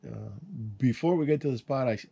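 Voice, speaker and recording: An older man talks in a relaxed, mellow tone, drifting from one story to the next as he works with his hands. His delivery is folksy and unpolished, full of restarts and sound words like "boom.". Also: brisk, vocal fry, breathy edge, lo-fi sound. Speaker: channel host. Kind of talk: casual vlog storytelling while working.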